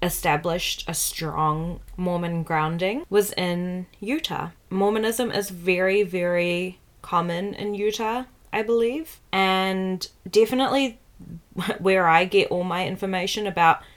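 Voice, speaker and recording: Woman, New Zealand accent, young adult, podcast host, slow relaxed chat, fairly low voice. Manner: chatty, slow and relaxed, laughs often.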